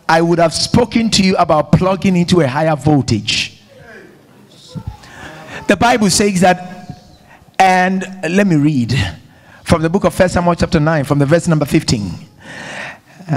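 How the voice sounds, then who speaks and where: A man with an African accent preaching a sermon to a congregation, emphatic and rousing, calling on listeners to repeat after him. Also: fairly high pitch. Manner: emphatic, call-and-response with congregation. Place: church hall with congregation.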